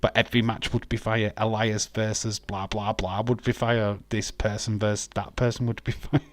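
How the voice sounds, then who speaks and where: A man's voice: lowish voice, little pitch movement, normal speed, no echo. A young man from West Yorkshire with a Yorkshire accent, chatting casually and swearing freely as he hosts a live wrestling watch-along and talks to his chat by name. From West Yorkshire, England.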